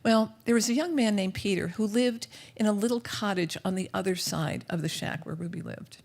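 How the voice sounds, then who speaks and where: A woman's voice: mid-range voice, brisk, a little mellow. A woman telling a personal story live at a café, in a vivid, well-paced first-person manner. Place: café stage.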